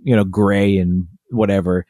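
Chatty low-voiced man co-hosting. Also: level tone, moderate pace, dark tone, dry recording, clean studio sound. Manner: rambling, chatty explaining with frequent likes. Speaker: podcast co-host. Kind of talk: casual chat.

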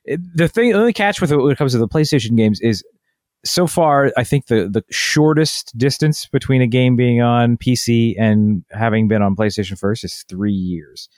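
A man's voice: medium pitch, moderate pace, darkish tone, no echo, clean studio sound. A man co-hosting a casual chat, explaining at length in a rambling, chatty way. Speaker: podcast co-host.

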